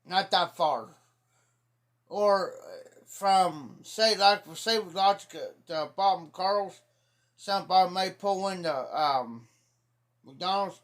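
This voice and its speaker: A man's voice: sits high, slow pace, fairly bright tone. A man telling rambling, folksy stories about local sayings in a casual, teasing way. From Ohio. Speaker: livestreamer. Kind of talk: casual storytelling.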